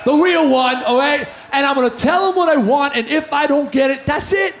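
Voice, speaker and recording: A man fronting a band, telling a loud, energetic story to a crowd from a car show stage before a song, in an echoey live recording with music behind. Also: very high voice, normal speed, hardly any pauses, a little hiss or hum.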